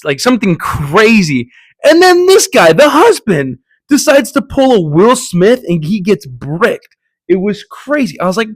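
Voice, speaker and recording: A man's voice: medium pitch, no echo, clean studio sound. A young man hosting a casual solo podcast, rambling and joking with lots of fillers and restarts. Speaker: podcast host.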